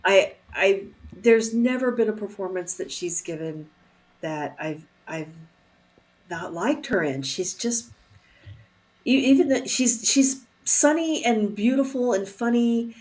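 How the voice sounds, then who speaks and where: A woman on a live movie-riffing panel, chatting casually and haltingly, with many fillers and restarts. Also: medium pitch, lively intonation, darkish tone. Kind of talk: casual chat.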